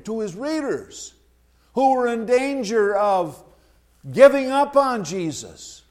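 A man preaching a sermon, slow and emphatic, repeating his key phrases. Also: very high-pitched.

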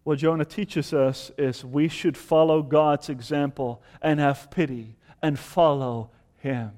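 A male preacher with a voice high for a man delivers an unhurried, fervent sermon, swelling into loud, emphatic appeals before dropping back to calm teaching. A long reverb suggests a large hall.

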